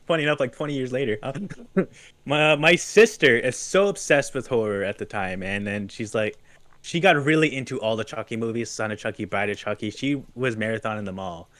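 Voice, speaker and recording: Animated male podcast guest who laughs through his stories and acts out the quotes. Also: medium pitch, normal speed. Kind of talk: casual storytelling.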